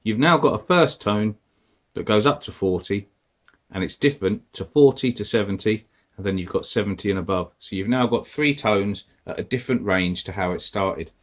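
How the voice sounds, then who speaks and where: A man's voice: on the low side, moderate pace. A man casually walking through device settings step by step, talking as he presses buttons. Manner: relaxed, explains step by step while pressing buttons. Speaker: metal detecting tutorial host. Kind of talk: casual instructional walkthrough.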